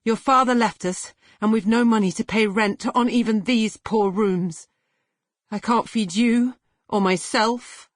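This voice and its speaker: A woman's voice: lowish voice, a little slow, husky, dry recording, clean studio sound. A woman voicing a desperate, unstable mother who speaks in a harsh, strained way. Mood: despairing.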